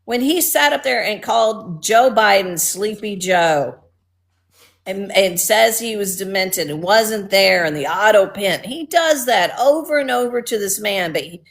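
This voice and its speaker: A woman's voice: mid-range voice, expressive, a little slow, fairly bright tone. A woman from Texas co-hosting a casual political talk show, talking in a blunt, mocking way with frequent restarts. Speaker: co-host.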